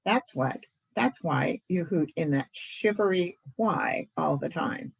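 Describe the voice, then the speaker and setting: A woman's voice: lowish voice, lively intonation, takes it slowly, gravelly, husky, muffled recording, full character voice. A woman voicing a saucy, bouncy patchwork doll girl with a teasing manner.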